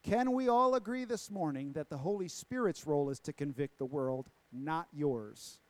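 High-voiced man preaching a sermon. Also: expressive, moderate pace. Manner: preaching with emphatic repetition and rhetorical questions. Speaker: pastor. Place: church sanctuary.

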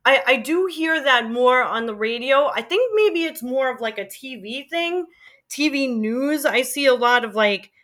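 Bright-voiced woman with a Queens accent. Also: sits high, animated, measured pace. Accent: Queens New York. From Queens, New York. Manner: chatty, laughs often, frequent fillers. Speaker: guest, former college radio DJ. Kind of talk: casual reminiscing interview.

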